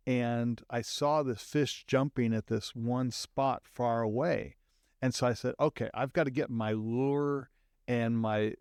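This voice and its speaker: Calm middle-aged man co-host. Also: medium pitch, creaky, no echo, clean studio sound. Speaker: co-host, therapist. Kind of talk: casual storytelling chat.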